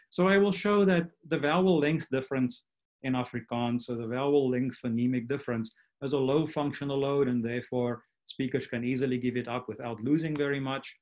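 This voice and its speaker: A man delivers an academic lecture over a computer mic on a video call. He explains at an even, methodical pace, with a middle-pitched voice and the occasional restart. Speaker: linguistics lecturer. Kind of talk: academic online talk.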